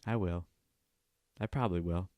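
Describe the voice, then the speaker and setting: A man's voice: low-pitched, normal speed, darkish tone, a little hiss or hum. A man hosting a solo podcast, ranting indignantly and swearing freely, often tossing in "all right?" as a tic. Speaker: podcast host. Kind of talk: solo podcast commentary rant.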